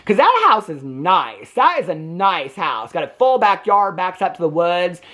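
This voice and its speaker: A man hosting a casual TV reaction recap with a Midwestern American accent, chatty and sarcastic, laughing often and mimicking people in high mocking voices. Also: sing-song, measured pace, bright, forceful tone. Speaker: TV recap host.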